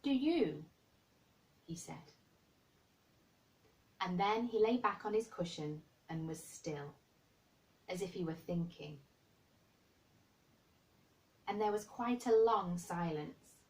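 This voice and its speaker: A woman reading a children's novel aloud in a gentle storybook manner. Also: fairly low pitch, slow, long pauses, far from the mic, rough recording.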